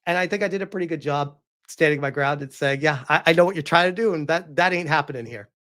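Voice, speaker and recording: A woman's voice: low-pitched, fast. A woman hosting a casual livestream. She reads viewer donations aloud and rants back at them, incredulous and often swearing. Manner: animated, incredulous ranting with frequent swearing. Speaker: streamer host reading viewer donations.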